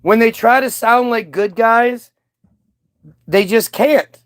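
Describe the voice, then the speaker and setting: A man's voice: extremely high pitch, takes it slowly, no echo. A man ranting in casual commentary, sarcastic and profane, mocking people as he reacts to clips.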